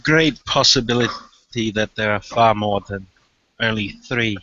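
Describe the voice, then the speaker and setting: A man speaking as a player in a tabletop role-play, answering in character with halting starts. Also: fairly low pitch, bright, forceful tone, no echo. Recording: dull lo-fi audio with faint noise.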